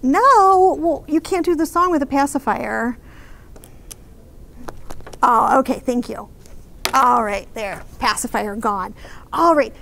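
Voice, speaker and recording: A woman children's librarian reading a picture book aloud and talking to little ones in a gentle sing-song way. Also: high-pitched.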